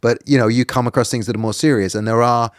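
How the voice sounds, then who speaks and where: A middle-aged man, a documentary director, talking as a guest in a casual podcast conversation, wry and animated, swinging between loud asides and quiet musing. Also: medium pitch, fast talker, clear, resonant tone, no room sound, studio quality. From Britain.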